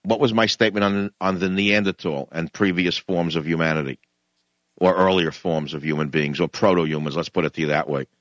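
A middle-aged man hosting a radio talk show, delivering a combative, sarcastic monologue that swings from mutters to loud, animated bursts. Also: sits low, fairly quick, dry recording, highs cut off.

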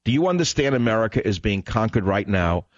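A man's voice: on the low side, sing-song, a little fast, dry recording, muffled recording. A man hosting a talk radio show, ranting and sarcastic in a combative monologue.

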